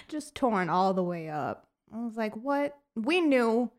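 A woman co-hosting a casual movie review chat, expressive and incredulous. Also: mid-range voice, slow, a crowd in the background.

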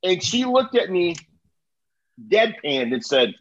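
A man with a notably high voice spins a profane, animated story in a casual chat. He swears freely and laughs partway through lines. The sound is slightly muffled. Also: takes it slowly.

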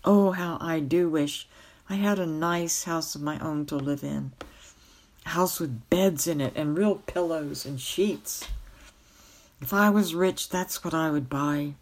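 A woman's voice: low-pitched, measured pace, darkish tone. A woman voicing a bumbling, mournful older king-knight who whines and sighs. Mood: plaintive whining. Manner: plaintive, whining, sighing.

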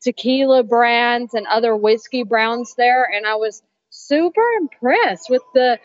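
A woman's voice: on the high side, a little slow, no room sound, dull audio. Chatty Southern woman with a drawl. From North Carolina, US South. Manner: chatty, upbeat, frequent "like". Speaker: guest, cocktail social media creator. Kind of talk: casual interview chat.

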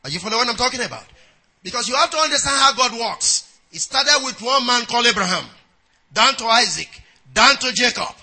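Bright, high-voiced preacher. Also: male voice, animated, poor audio. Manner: checks in with the congregation often, with quick prayerful asides; reads scripture aloud in a measured cadence. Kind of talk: sermon.

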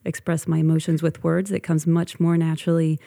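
A woman singer chatting as a guest, soft-spoken and thoughtful, laughing easily. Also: deep voice, monotone, fairly quick, vocal fry. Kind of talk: casual interview chat.

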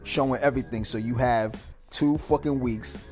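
A man co-hosting a radio talk show, joking loudly and crudely and laughing often. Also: mid-range voice, fairly even intonation, moderate pace, faint music behind. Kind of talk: casual banter on a radio show.

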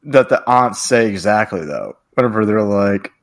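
A man's voice: on the low side, expressive, moderate pace. A man co-hosting a podcast, chatting casually and profanely about a TV episode and laughing often. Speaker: podcast co-host.

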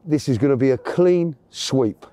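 A man's voice: medium pitch, animated, normal speed, warm tone, no echo, lightly acted. A man voicing a big, tough, self-important male prison officer, with a clumsy put-on Welsh accent and clipped, stern orders. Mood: menacing. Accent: Welsh, put on badly.

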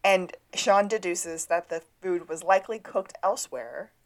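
A woman's voice: on the low side, measured pace. A woman co-hosting a casual recap podcast, retelling scenes in a bubbly way and acting out the characters' lines. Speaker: podcast co-host.

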